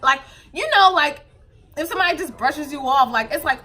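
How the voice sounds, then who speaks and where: Emotional young woman with a bright voice. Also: high voice, expressive, brisk. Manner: emotional, tearful at times, candid, lots of fillers. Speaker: vlogger, new mother. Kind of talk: casual confessional vlog.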